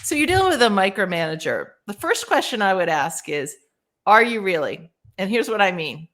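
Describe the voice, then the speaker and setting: A woman as a podcast guest giving casual, animated advice and acting out example phrases. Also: mid-range voice, a little fast. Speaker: podcast guest, workplace author.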